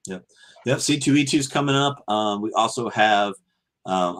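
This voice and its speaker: A man hosting a casual fan podcast, signing off with frequent ums, earnest and unhurried. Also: on the low side, a bit bright. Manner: many ums and restarts, earnest. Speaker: podcast host. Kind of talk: casual show sign-off.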